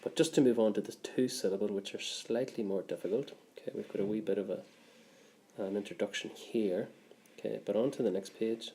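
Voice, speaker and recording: A man's voice: fairly low pitch, a little fast, warm tone, slight background noise. A man who teaches a grammar lesson patiently, step by step, often checking in with "okay". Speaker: Irish language teacher.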